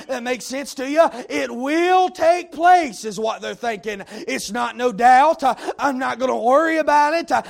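High gravelly preacher man. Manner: heavy "uh" fillers, rising to shouts. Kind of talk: sermon.

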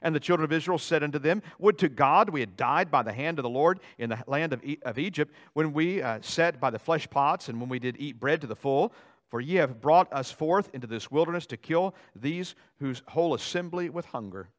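Man, pastor, sermon, fairly high voice, animated delivery, loud and soft swings. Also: brisk. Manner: animated preaching, swings from loud dramatic outbursts to low asides. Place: church sanctuary.

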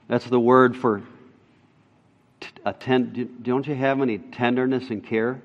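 A man's voice: medium pitch, moderate pace. A man preaching a sermon as pastor, emphatic, repeating his key lines for emphasis. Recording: long reverb of a large hall.

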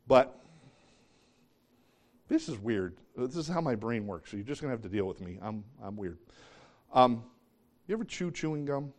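A man's voice: on the low side, expressive, normal speed, pauses often. Conversational man preaching a sermon. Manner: conversational, self-deprecating, asks the congregation questions. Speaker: pastor.

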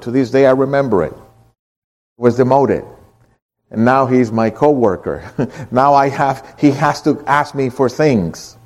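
Impassioned male preacher, wide-ranging pitch. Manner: impassioned, swings from hushed to loud. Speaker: pastor. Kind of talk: sermon.

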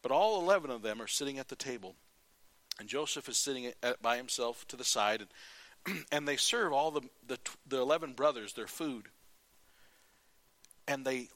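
Animated preacher telling a story. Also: male voice, mid-range voice, moderate pace, no echo. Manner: animated storytelling, acting out the characters' lines. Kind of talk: sermon retelling a Bible story.

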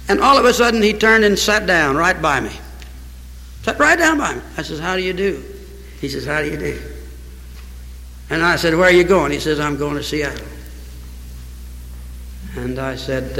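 A man's voice: high-pitched, sharp tone. A man preaching a sermon from the pulpit, telling a story with acted-out dialogue and closing in prayer. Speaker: pastor. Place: church sanctuary. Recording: long church hall reverb.

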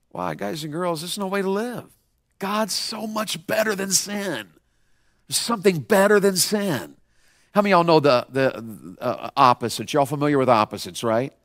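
A young man preaches to a youth group in a bright, high, lively voice. He works in call-and-response, pushing his young listeners to answer him out loud. The sound is close and dry, with no room around it. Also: dry recording. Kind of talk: sermon to children and teens.

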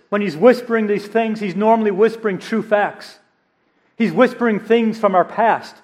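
A man with a high voice preaches from a church stage. He retells his story with animated energy and plays each quoted voice himself. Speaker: pastor. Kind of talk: sermon.

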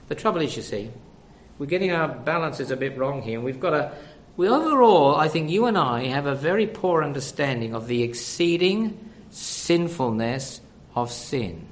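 A man's voice: a little high, lively intonation, moderate pace, a bit bright. An older man preaching a sermon, conversational and full of rhetorical questions.

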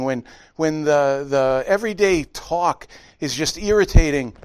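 A middle-aged man preaching a sermon as pastor, telling stories with lively impressions. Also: medium pitch. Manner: animated storytelling with honking impressions.

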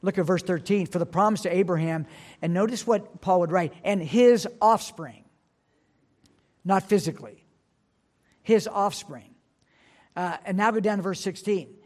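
A man with a rather high voice preaches a sermon in earnest. He reads scripture aloud and slows his delivery to press home each point. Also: darkish tone. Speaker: pastor.

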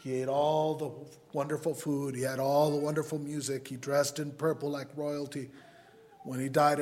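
A man preaching a sermon as pastor, pleading with his listeners and swinging between loud appeals and quiet asides. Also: mid-range voice. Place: church sanctuary.

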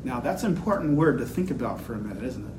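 A man preaching a sermon as pastor, slow and building to emphatic declarations. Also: mid-range voice, expressive, reverberant, noisy background.

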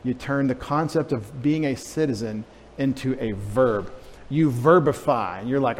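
A man's voice: mid-range voice, animated, normal speed, darkish tone, long reverb tail, slight background noise. A male pastor teaching a sermon in a casual, joking way, spelling out Greek words for the congregation. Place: church sanctuary.

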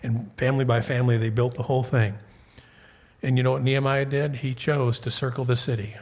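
A man preaches in a conversational way, checking in with his listeners. His voice sits in a middle pitch and has a husky, slightly rough edge. Now and then he reads scripture aloud in old King James wording. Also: level tone, brisk, darkish tone. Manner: conversational, asks the congregation questions. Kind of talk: sermon.

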